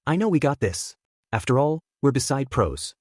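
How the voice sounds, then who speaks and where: A man's voice: mid-range voice, very animated, normal speed, darkish tone, no echo, clean studio sound. A man voicing an earnest teenage boy hero who blames himself, in a raised, emotional delivery.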